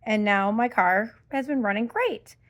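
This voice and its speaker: A woman's voice: on the high side, unhurried. A middle-aged woman ranting in a casual vlog, exasperated and rambling with lots of fillers. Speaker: vlogger.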